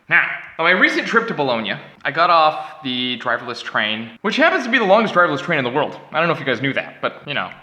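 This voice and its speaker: A man vlogging to camera, telling a comic story in an animated, exaggerated, self-mocking way. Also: on the high side. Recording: echoey room.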